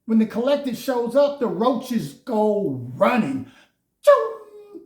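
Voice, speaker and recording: A man's voice: sits high, big pitch swings, unhurried, dark tone. A man giving a casual spiritual tarot reading, preachy and mocking, often laughing at those he speaks of. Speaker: tarot reader. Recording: roomy echo.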